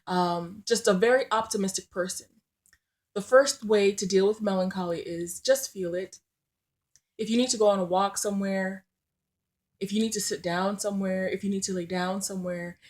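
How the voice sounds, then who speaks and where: A woman hosting her own podcast, talking through her feelings in a reflective, conversational way, often checking in with "right?" and "you know". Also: mid-range voice. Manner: conversational, frequent fillers and rhetorical "right?". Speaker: podcast host. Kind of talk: reflective solo talk.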